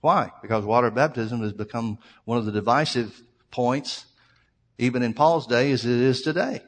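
A man's voice: medium pitch, moderate pace. Preaching man in a reverberant hall. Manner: preaching to a congregation, reading and explaining scripture. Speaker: pastor. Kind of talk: sermon.

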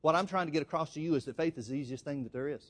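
Speaking very fast in a fairly bright tone, a man whose voice is on the high side preaches a sermon. His storytelling is emphatic, and he calls the congregation "folks."

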